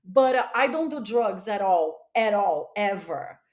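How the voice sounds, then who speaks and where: A woman appears as a guest on a podcast, telling a candid, animated story in an unhurried, mid-range voice. She laughs often and repeats words for emphasis.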